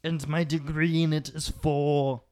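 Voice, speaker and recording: A man's voice: a little high, little pitch movement, measured pace, a little mellow. A man playing in a tabletop role-playing game, answering in a cheerful, earnest and hesitant way. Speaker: podcast guest player. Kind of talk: casual tabletop role-play chat.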